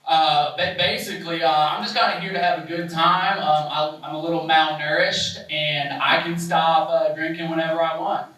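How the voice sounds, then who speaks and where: A man's voice: fairly high pitch, steady tone, moderate pace, hardly any pauses, bright, forceful tone. A man playing a scrawny backwoods moonshine drinker, rambling and hesitant. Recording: echoey club from far off, noisy.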